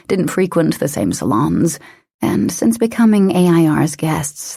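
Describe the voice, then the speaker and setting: A woman narrating an audiobook in a steady, measured reading. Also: low voice, vocal fry, husky, no room sound, studio quality. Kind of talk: scripted narration.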